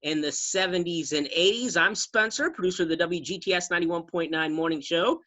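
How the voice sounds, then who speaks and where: A man's voice: on the high side, fairly quick, sharp tone. A man, a radio morning-show producer, hosting a casual podcast chat with friendly interjections.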